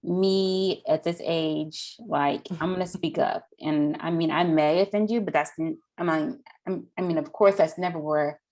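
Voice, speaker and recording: Sassy low-pitched woman chatting. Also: steady tone, measured pace, hardly any pauses, darkish tone. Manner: playful, sassy, laughs often. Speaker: podcast co-host. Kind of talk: casual chat.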